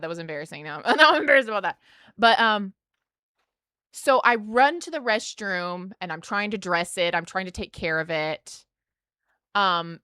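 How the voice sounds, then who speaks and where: A woman streamer telling a story casually to her live chat, animated and rambling, laughing often. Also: mid-range voice, clean tone, dry recording, studio quality.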